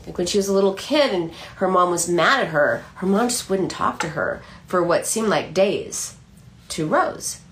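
A middle-aged woman, a psychoanalyst, explaining a case with lively storytelling and frequent restarts. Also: lowish voice, normal speed, slight background noise. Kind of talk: explanatory talk.

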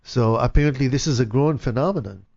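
A relaxed man talks casually, answering with easy agreement and sharing things he heard. His voice sits on a dry, slightly dull lo-fi recording. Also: mid-range voice, fast talker, vocal fry, no room sound. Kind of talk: casual chat.

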